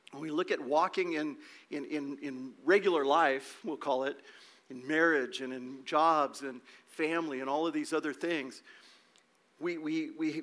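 A man's voice: fairly high pitch, a bit bright. A man preaching a sermon as pastor, emphatic, asking rhetorical questions and repeating words as he goes.

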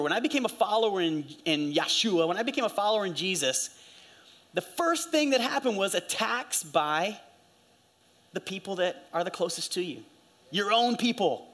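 A middle-aged man preaching a sermon, telling stories with animated swings and acting out the voices of the people he quotes. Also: sits high. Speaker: pastor.

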